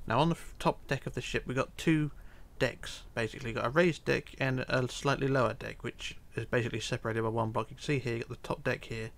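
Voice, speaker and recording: A tired man narrating a building tutorial, counting quietly under his breath as he works. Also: medium pitch, fast, creaky, hardly any pauses. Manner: relaxed, counting blocks under his breath, drops to near whisper. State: tired, yawning. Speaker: tutorial host. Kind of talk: casual game tutorial narration.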